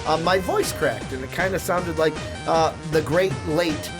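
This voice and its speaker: A man's voice: on the high side, a little slow, over music. A young man hosting a casual podcast, rambling and chatty, with frequent fillers and restarts. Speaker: podcast host.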